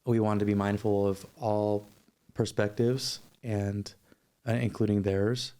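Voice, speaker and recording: A man guest on a podcast, telling a personal story in a measured, thoughtful, sincere way. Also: lowish voice, flat delivery, dark tone.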